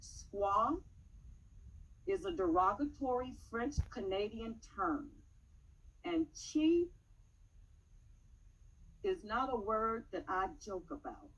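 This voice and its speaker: A woman giving a dramatic poetry recitation at a public meeting, measured, with pointed pauses and rising emphasis. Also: medium pitch, big pitch swings, fairly bright tone, husky, low-quality recording.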